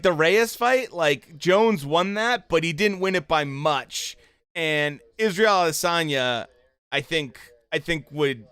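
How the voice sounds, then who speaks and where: Man, streamer, casual watchalong chatter, reacts to chat, slightly high voice, dry close mic. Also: a bit bright, clean tone, no room sound. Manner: chatty, reacts to chat and the show with loose fan talk. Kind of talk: casual livestream commentary.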